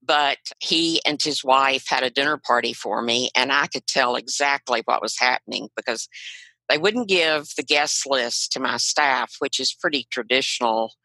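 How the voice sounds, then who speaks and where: A woman's voice: rumbling low, moderate pace, pushed and bright, dry recording, rough recording. An older woman from South Carolina and Arkansas with a Southern US accent, telling frank stories as a podcast guest. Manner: frank, anecdotal, proud of her accent. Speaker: guest, retired non-profit leader. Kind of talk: storytelling in a podcast interview.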